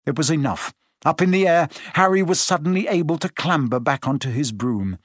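A man narrating a story aloud, expressive and changing his pace as he reads. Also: on the high side, fairly quick, no echo, studio quality. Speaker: audiobook narrator. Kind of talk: scripted narration.

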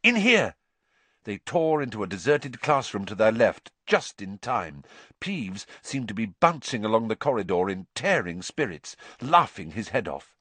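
A man narrating a storybook audiobook with expressive, varied reading. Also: fairly low pitch, moderate pace, dry recording.

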